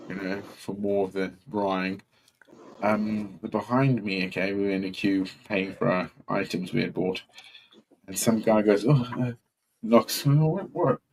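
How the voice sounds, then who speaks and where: A man's voice: deep voice, a little slow, a little hiss or hum. A man, telling a story in a casual chat and acting out the voices of the people in it. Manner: animated storyteller, acts out voices.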